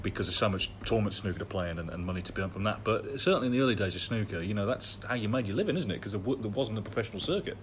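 Fast-talking podcast host. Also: male voice, on the low side, animated, a little hiss or hum. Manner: steers the talk and moves between segments. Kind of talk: podcast presenting.

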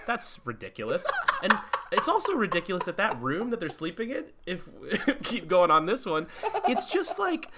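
A man co-hosting a casual comedy podcast, playful and quick to laugh, riffing in jokey rants. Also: high-pitched, big pitch swings, a crowd in the background. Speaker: podcast co-host.

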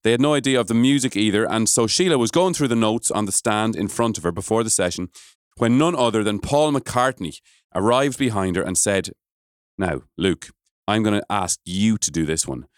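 A man's voice: fairly low pitch, moderate pace, no echo, studio quality. An Irish man hosting a podcast, telling a story and chatting casually with his co-hosts. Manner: lively storyteller who jokes with co-hosts. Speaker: podcast host.

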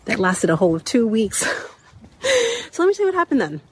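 A woman in her thirties hosting a motivational talk while walking uphill outdoors, a bit out of breath, her voice slightly raspy, repeating key points and laughing often. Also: medium pitch, sing-song, fairly quick, darkish tone, slight background noise. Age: 30s. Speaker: podcast host.

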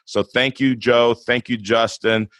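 A man's voice: mid-range voice, steady tone, unhurried, a bit bright, no echo. A man hosting a podcast in a casual, earnest and enthusiastic way. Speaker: podcast host.

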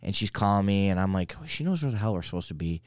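Man, co-host, lowish smooth voice, dry sound, chatty. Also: sing-song, quick pace, no room sound. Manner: chatty, self-deprecating, laughs easily. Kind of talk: casual podcast chat.

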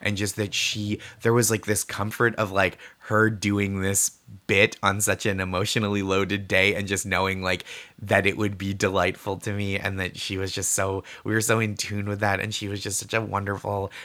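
A man being interviewed, telling warm, animated personal anecdotes with laughing asides. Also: fairly low pitch, normal speed. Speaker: comedian guest. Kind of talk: interview storytelling.

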